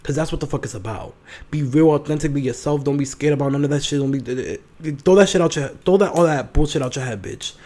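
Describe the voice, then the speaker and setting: A 21-year-old man hosting his own podcast, talking in a sassy, profane, animated solo monologue full of fillers. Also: on the high side, quick pace. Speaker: podcast host.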